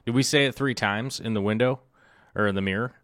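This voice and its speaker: Casual middle-aged male streamer, slightly low voice, dry close sound, rambling and jokey. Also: a little fast, fairly bright tone, no room sound. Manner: rambling, jokey, lots of fillers. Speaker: livestream host. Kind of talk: casual live-stream chat.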